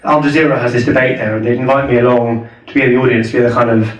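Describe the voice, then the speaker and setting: A man's voice: mid-range voice, level tone, racing, lo-fi sound. Scottish-born guy chatting through a rally talk, far from the mic, big echoey room. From Scotland. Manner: thoughtful, conversational, many restarts and "you know"s. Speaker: guest speaker. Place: hall at a public event.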